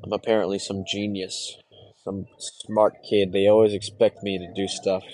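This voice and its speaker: A young man hosting a podcast, talking to himself in a distressed, halting, brooding confessional monologue. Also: lowish voice, little pitch movement, darkish tone, slight background noise. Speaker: podcast host.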